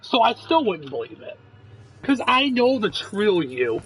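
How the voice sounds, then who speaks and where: A man's voice: high-pitched, big pitch swings, measured pace, fairly bright tone, faint music behind, low-quality recording. A man casually talking while playing a game, earnest and reassuring, with plenty of swearing. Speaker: gameplay video creator.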